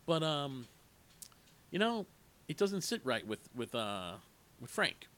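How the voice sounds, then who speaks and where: A man's voice: medium pitch, sing-song, slow, fairly bright tone. A man casually retelling the plot of an eighties horror movie, rambling with asides and acting out the characters' lines. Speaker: movie reviewer.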